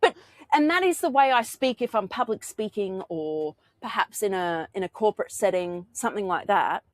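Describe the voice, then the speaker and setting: A woman with an Australian accent co-hosting a casual podcast chat, talkative and quick to laugh at herself. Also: mid-range voice, lively intonation, no echo, clean studio sound. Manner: chatty and self-deprecating, laughs easily. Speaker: co-host.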